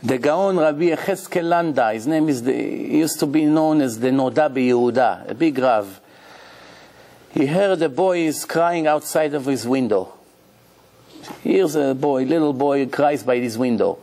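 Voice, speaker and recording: A man giving a religious lecture as a rabbi, emphatic and animated, repeating key phrases as he tells stories. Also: medium pitch, unhurried.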